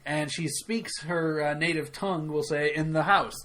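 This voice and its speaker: A woman co-hosting a relaxed podcast, chatty and quick to laugh. Her voice sits low for a woman but has a bright, clear edge. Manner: chatty, laughs often, easygoing asides. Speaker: podcast co-host. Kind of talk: casual recap chat.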